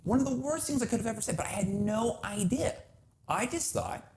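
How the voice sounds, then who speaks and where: A man's voice: high-pitched, expressive, a little fast, background noise. A man hosting a podcast, telling a story in casual chat, acting out quotes and swearing freely. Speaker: podcast host.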